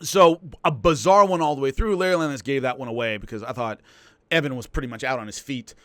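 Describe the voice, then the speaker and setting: A man working as a combat sports analyst, telling fight stories in an emphatic, animated commentary style with frequent restarts. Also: medium pitch, fast talker, no echo.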